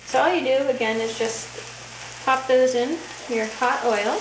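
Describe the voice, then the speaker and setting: A woman with a high voice, speaking a little slowly, gives an upbeat, talkative cooking demo at home. Her voice comes from far off in an echoey kitchen over loud sizzling.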